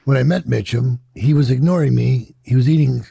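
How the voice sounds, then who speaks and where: An older man with a deeply gravelly, husky voice recalls his past, swearing freely and slipping into the voices of people he quotes. His tone is dark and mellow, and the recording is dry and close, with no room around him. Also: brisk, dry recording. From Chicago. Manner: profane, reflective, acts out quoted voices. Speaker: interviewee. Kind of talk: candid storytelling in an interview.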